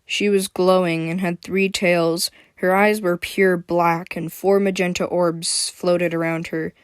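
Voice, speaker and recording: A woman reading her own fantasy story aloud in a plain, steady storytelling way. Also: on the low side, measured pace, smooth, dry recording, clean studio sound. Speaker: narrator.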